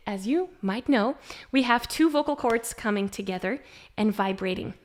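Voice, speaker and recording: A woman teaching a spoken singing lesson, friendly and encouraging, laughing now and then. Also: on the high side. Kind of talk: spoken vocal lesson with sung demonstrations.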